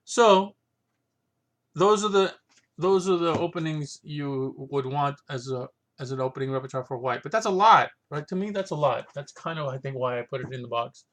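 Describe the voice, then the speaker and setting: A man's voice: on the high side, normal speed, fairly bright tone. A man talking casually through his collection of books, thinking aloud and rambling with many restarts and fillers. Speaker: vlogger reviewing his chess books. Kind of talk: casual unscripted talk.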